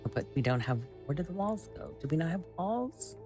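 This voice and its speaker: A woman hosting a live stream, chatting casually and excitably with viewers as she builds, often exclaiming and laughing. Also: low voice, a little fast, over music. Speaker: livestream host.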